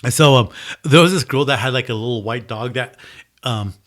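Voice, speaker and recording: A man co-hosting a relaxed podcast chat. His voice sits at an ordinary middle pitch. He tells rambling, playful stories. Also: a little fast. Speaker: podcast co-host. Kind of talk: casual chat.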